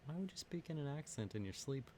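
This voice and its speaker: A man from Texas co-hosting a podcast livestream, relaxed and laid-back. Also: medium pitch, quick pace, a little hiss or hum. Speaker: podcast co-host. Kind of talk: casual chat on a livestream.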